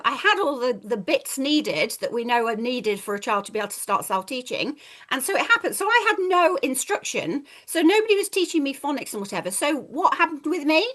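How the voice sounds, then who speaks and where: A woman's voice: high-pitched, fairly bright tone. A woman, a reading teacher, giving a chatty, playful training talk and acting out children's voices. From England.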